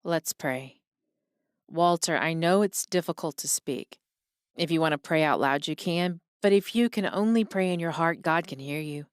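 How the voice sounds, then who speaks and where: A woman voicing a male pastor who speaks calmly and patiently, guiding a dying man. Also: sits low, moderate pace, clean tone, dry recording, clean studio sound, natural voice. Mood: gentle. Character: calm gentle male pastor.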